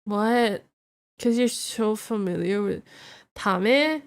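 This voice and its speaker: A woman's voice: medium pitch, slow. A woman streamer chatting casually, a little tipsy, rambling and reacting to her chat.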